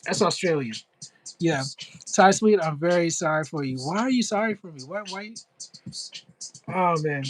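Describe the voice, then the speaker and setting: On a livestream, a middle-aged man with a slightly high voice chats casually, upbeat and loose, filling his talk with "like" and "you know." He's a content creator and actor who answers chat comments as they arrive, staying friendly and easygoing. His intonation is lively and his pace moderate, with long pauses and poor audio.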